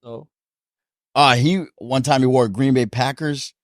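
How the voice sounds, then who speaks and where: Male podcast host, animated laughing storyteller, mid pitch, dry close sound. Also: unhurried, no room sound. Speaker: podcast host and boxing gym coach. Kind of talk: casual podcast chat.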